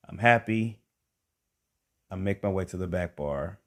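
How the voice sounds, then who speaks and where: A young man telling a stand-up comedy story, animated, acting out the people in it. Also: low voice, normal speed. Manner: animated, acts out quotes with rising emphasis.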